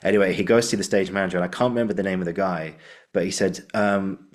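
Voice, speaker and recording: A man's voice: low voice, steady tone, fast. A man hosting a podcast, chatting casually and telling anecdotes with acted-out quotes. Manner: chatty storyteller, acts out quoted voices. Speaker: podcast host.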